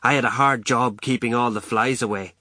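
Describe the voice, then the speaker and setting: A man reading a first-person novel aloud, telling it in a wry, lively, colloquial way. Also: medium pitch, a little fast, dry recording. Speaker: audiobook narrator.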